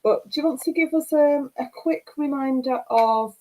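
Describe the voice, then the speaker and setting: A woman's voice: high voice, moderate pace, dark tone, rough recording. A woman hosting a book club interview, chatting in a friendly, self-deprecating way. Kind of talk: casual online interview.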